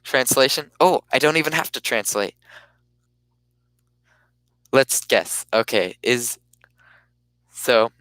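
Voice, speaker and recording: Slow, smooth-voiced man rambling on a stream. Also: mid-range voice, bright, forceful tone, no echo, low-quality recording. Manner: rambling, halting, self-interrupting. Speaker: live streamer. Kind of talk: casual live-stream chat.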